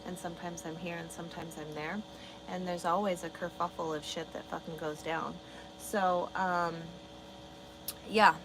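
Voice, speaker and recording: A woman's voice: on the low side, flat delivery, moderate pace. Trucker lady on a live stream, swears constantly, sassy back at chat, noisy audio. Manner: blunt, swears a lot, talks back to chat. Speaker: truck driver livestreamer. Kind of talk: casual livestream chat reading comments.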